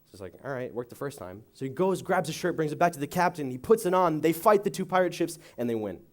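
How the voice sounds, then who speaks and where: At a church youth service, a young youth pastor with a high-leaning voice speaks quickly, telling a joke story with acted-out voices before he prays and reads.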